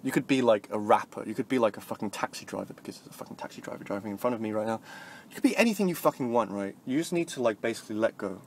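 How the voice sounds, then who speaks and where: A young man vlogging into his phone in a free-flowing motivational ramble. He swears a lot and swings from soft mumbles to loud, half-sung bursts. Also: on the low side, animated, racing, slight background noise. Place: moving vehicle, talking to a phone.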